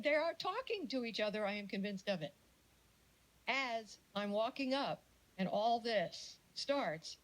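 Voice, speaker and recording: A woman's voice: fairly high pitch, low-quality recording. A woman giving a casual mini lecture, telling stories and acting out the voices she quotes. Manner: storytelling, acts out quoted voices.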